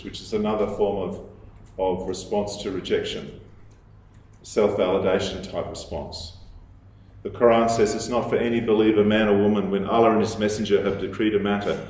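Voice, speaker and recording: Man, lecturer, measured explanatory delivery, heavy hall echo, distant mic. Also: lowish voice, darkish tone. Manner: measured, explanatory, with fillers and restarts.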